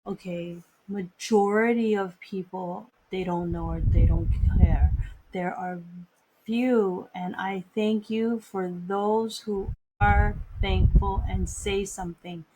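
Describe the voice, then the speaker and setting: Slow, earnest woman hosting a podcast. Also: medium pitch, fairly even intonation, background noise. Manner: earnest, repeats phrases for emphasis. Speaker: podcast host; airport security screener. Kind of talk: personal reflection monologue.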